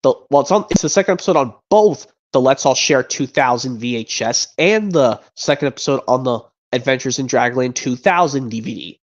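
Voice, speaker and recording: A streamer chatting casually between voice impressions, rambling and excitable, with some mild cursing. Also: medium pitch, a little fast, few pauses, lo-fi sound.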